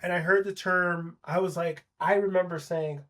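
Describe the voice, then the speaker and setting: A man, an actor guest, in casual chat, telling animated stories and swearing freely. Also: fairly high pitch, moderate pace, hardly any pauses. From Palestinian family.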